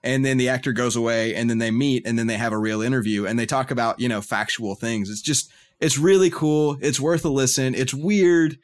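A man's voice: medium pitch, steady tone, a little fast. Eager man with a drawl, lots of fillers. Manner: enthusiastic, filler-heavy storytelling. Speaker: podcast co-host. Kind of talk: casual chat.

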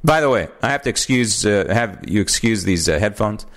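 A man's voice: fairly low pitch, lively intonation, brisk, a bit bright. Indignant American man ranting on air. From United States. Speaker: talk show host. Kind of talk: political commentary monologue. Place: home studio. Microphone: studio mic with old headphones.

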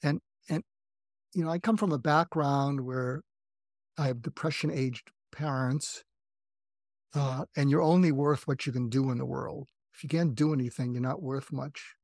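A man's voice: mid-range voice, steady tone, moderate pace, a little mellow, no echo. Older man, earnest, dry close sound. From New England, US. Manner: earnest, reflective, self-revealing. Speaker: psychiatrist guest. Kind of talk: candid personal storytelling.

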